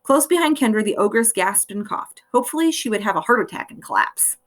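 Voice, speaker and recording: A woman's voice: medium pitch, expressive, quick pace. A woman reading a fantasy novel aloud, telling it expressively with frequent lifts in her voice. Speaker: reader.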